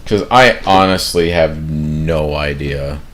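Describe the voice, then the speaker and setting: A man's voice: rumbling low, takes it slowly, fairly bright tone. A man hosting a let's play, talking casually and self-deprecatingly as he plays. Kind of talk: gameplay commentary.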